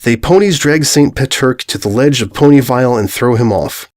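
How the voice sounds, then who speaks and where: A man reads a ridiculous story aloud in a flat, mock-serious deadpan, playing the absurd lines straight. His voice sits at an ordinary middle pitch for a man. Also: normal speed. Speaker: fan fiction reader. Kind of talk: comedic dramatic reading.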